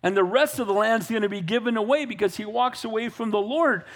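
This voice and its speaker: High-voiced fervent male preacher. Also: a little fast, a bit bright. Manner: builds to fervent, raised preaching, with audience call-outs. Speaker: pastor. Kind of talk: sermon.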